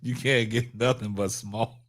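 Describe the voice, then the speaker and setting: A man's voice: fairly low pitch, fairly even intonation, a little slow, a bit bright. A man hosting a live stream, laughing hard and whooping between casual remarks to his chat. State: laughing to tears. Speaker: livestream host.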